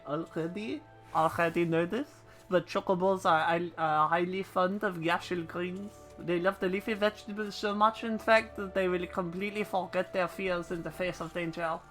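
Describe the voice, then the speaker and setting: A man's voice: high-pitched, steady tone, moderate pace, fairly bright tone, faint music behind, low-quality recording. A man reading out the lines of a formal noble chocobo trainer in a put-on French accent, stumbling over some words. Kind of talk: reading game dialogue aloud on a live stream.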